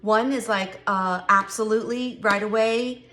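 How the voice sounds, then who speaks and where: A woman's voice: on the high side, normal speed, fairly bright tone. A middle-aged woman chatting candidly to camera, emphatic and given to repeating herself. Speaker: vlogger. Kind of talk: casual chat to camera.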